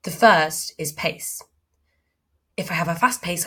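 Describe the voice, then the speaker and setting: A woman voice coach giving an instructional talk on vocal technique, demonstrating changes in pace, pitch and volume as she explains them. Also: measured pace, fairly bright tone, slightly rough.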